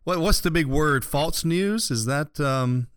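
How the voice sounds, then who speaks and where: A man's voice: a little high, unhurried, a bit bright, clear, resonant tone, no room sound. A man hosting a financial radio talk show, chatting casually and rambling with lots of fillers and restarts.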